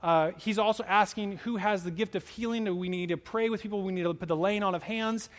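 Animated high-voiced man preaching in a hall. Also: brisk. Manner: conversational, animated storytelling with quoted voices. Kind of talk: sermon. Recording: long hall reverb.

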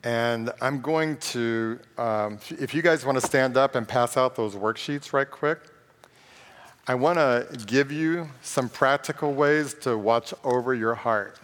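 A man's voice: medium pitch, a little slow, fairly bright tone. A man preaching to a congregation, loose and joking, reading verses aloud. His voice sits in the middle range for a man. It rings out with the long reverb of a big church hall. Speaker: pastor. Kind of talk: sermon.

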